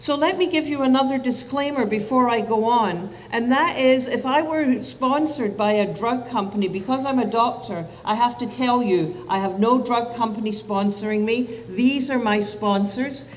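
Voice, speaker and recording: A woman in her fifties with a fairly high voice gives a chatty, self-deprecating talk to parents and teachers. She is heard from some way off in a hall with a long reverb. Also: moderate pace, few pauses. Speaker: child psychiatrist and speaker. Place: event hall. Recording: distant mic, long hall reverb, faint noise.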